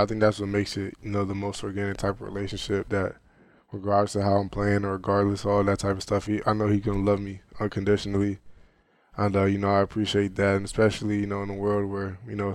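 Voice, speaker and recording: A young college basketball player speaks in a low, fairly monotone voice, answering questions softly and leaning on filler words. The recording is close and dry, with no room sound. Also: male voice, dry recording. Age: young adult. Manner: soft-spoken, heavy on "you know" fillers. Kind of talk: casual interview answers.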